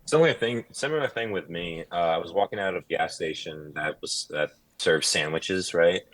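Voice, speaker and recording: A young man co-hosting a casual podcast, telling a story in an animated way. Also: low voice, moderate pace. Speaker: podcast co-host. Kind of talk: casual chat.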